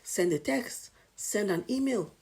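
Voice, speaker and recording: A Nigerian woman talks straight to camera in a casual advice vlog. She drives her points home by repeating them, with an emphatic, coaching delivery. Her voice sits at an everyday middle pitch. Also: lively intonation, unhurried, a little mellow. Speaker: advice vlogger.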